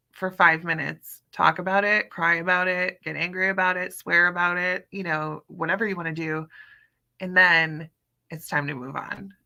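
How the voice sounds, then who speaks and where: Casting: woman host in her thirties, bright tone, chatty storyteller, plenty of fillers. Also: lowish voice, creaky. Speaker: podcast host. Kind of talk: casual livestream chat.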